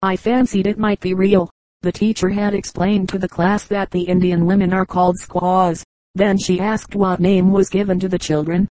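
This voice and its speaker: Lady reading funny little stories, mellow warm voice, dry close mic. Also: lowish voice, little pitch movement, moderate pace, no room sound, low-quality recording. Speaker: audiobook reader. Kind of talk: audiobook reading of humorous anecdotes.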